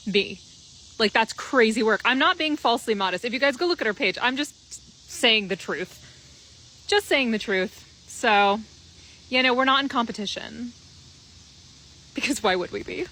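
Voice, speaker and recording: A woman teacher telling classroom stories to camera, wry and dry, sometimes dropping to hushed gossipy asides. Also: a little high. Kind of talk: casual storytelling to camera.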